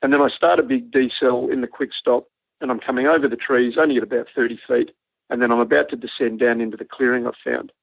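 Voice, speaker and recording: A man with an Australian accent, a former army pilot, telling a lively anecdote and acting out the dialogue. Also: medium pitch, quick pace, vocal fry, no room sound. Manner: animated yarn-spinning, acts out quoted dialogue. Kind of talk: storytelling anecdote on radio. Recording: narrow phone-like radio line, dry.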